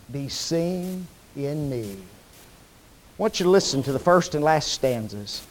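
High-voiced preacher rising and dropping. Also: male voice, slow pace. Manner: animated, rises high and loud for emphasis, drops low and soft; asks the congregation questions and answers them. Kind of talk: sermon answering questions.

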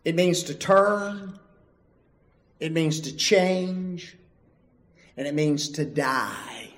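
A man preaching a sermon, emphatic and full of rhetorical questions, swinging from loud calls to hushed asides. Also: on the high side, very slow.

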